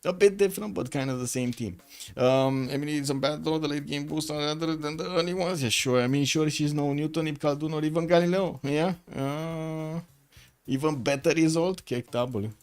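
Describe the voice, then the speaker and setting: A man's voice: on the high side, moderate pace, darkish tone, clean tone. A man casting a strategy game match live, thinking aloud with lots of fillers and self-corrections. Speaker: caster.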